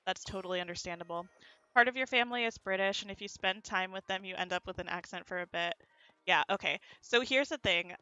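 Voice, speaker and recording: Bright-voiced chatty American woman streamer. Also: mid-range voice, fast talker, dry recording, muffled recording. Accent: neutral American. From United States. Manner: chatty, reads out and answers chat messages; rising inflection at sentence ends. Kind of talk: casual live-stream chat while playing.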